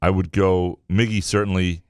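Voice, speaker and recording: Deep-voiced man telling rambling stories. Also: fairly even intonation, moderate pace, darkish tone, smooth, no echo, clean studio sound. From Michigan. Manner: rambling, restarts sentences, storytelling. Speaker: sports podcast co-host. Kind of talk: casual sports chat.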